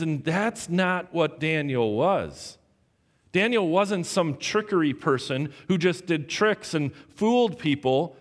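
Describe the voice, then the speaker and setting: A man preaching a sermon, telling a personal story with animated quoted voices. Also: fairly high pitch. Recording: long hall reverb.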